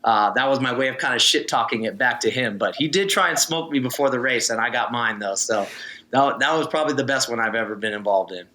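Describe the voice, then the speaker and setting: A man's voice: mid-range voice, fast, bright, forceful tone. A man, a former swimmer, chatting as an interview guest and telling easygoing stories with frequent laughs. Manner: storytelling, easygoing, laughs often. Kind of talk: casual interview chat.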